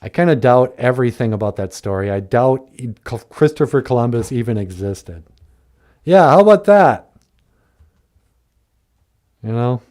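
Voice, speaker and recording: A man's voice: medium pitch, lively intonation, normal speed, pauses often, dark tone. A man hosting a casual live-stream chat, joking in a laid-back way and reading viewer comments aloud. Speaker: show host.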